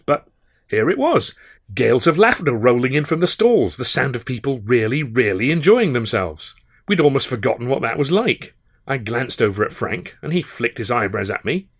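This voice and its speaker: A man with an English accent reading his own novel aloud as first-person audiobook narration. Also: mid-range voice. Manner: measured first-person storytelling.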